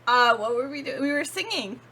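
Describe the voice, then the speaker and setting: A woman hosting a tabletop game stream, chatting in a brisk, amused way. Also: high voice, lively intonation, bright, forceful tone. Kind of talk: casual chat.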